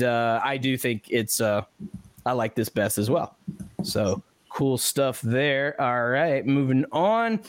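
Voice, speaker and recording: A man hosting a podcast, casually reading listener comments aloud with animated asides and frequent laughs. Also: mid-range voice, no room sound. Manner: animated, laughs often, restarts sentences. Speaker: podcast host.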